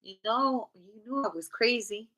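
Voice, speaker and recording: A woman's voice: on the high side, unhurried, sharp tone, rough recording. A woman giving a casual tarot reading in a blunt, chatty, profane way. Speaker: tarot reader.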